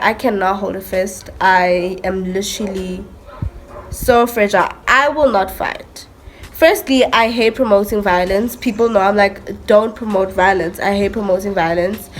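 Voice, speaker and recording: A young woman vlogger telling a story in a chatty, self-mocking way, full of "like" and "literally". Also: mid-range voice. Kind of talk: casual storytime monologue.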